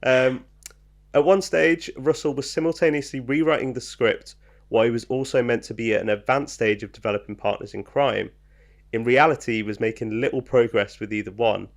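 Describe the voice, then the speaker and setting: A man's voice: medium pitch, steady tone, a little fast, vocal fry. A man co-hosting a podcast, reading out trivia in a casual, joking way with plenty of ums. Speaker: podcast co-host. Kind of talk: casual chat.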